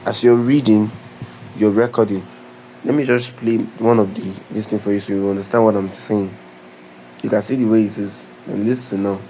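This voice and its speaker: Slight background noise and low-quality audio surround a man whose mellow voice is fairly low in pitch, with fairly even intonation and a normal speed. In his live screen-share tutorial he explains each step loosely, often repeating or restarting phrases, and keeps asking whether you understand, as a tutorial creator would.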